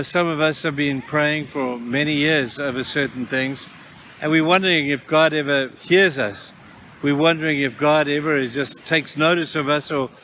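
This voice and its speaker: Bright-voiced pastor preaching outdoors. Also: male voice, on the high side, slight background noise. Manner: storytelling, acts out voices in scripture stories. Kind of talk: outdoor devotional talk. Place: outdoors at a beach.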